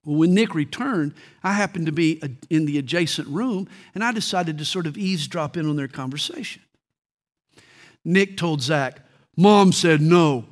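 Male pastor, high voice, middle-aged, storytelling sermon delivery with emphatic slowdowns.

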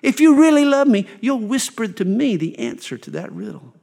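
A man's voice: extremely high pitch, very animated, moderate pace, creaky, darkish tone, pitched above the performer's own voice, full character voice. A man voicing a manipulative young wife, coaxing her husband in a sugary, wheedling tone.

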